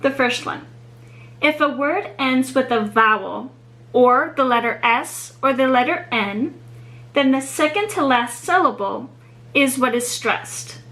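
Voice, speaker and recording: A woman tutoring a beginner Spanish lesson, speaking slowly and clearly with encouraging praise. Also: high voice, a bit bright. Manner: slow, clear, encouraging teacher delivery. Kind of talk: scripted language lesson. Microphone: USB headset.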